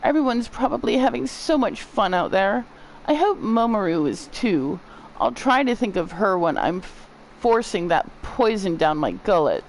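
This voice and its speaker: A woman's voice: medium pitch, lively intonation, moderate pace, slight background noise, pitched above the performer's own voice, natural voice, poor audio. A woman voicing a sick young boy with a put-on accent, whining about his medical examinations. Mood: weary. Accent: put-on unnamed accent.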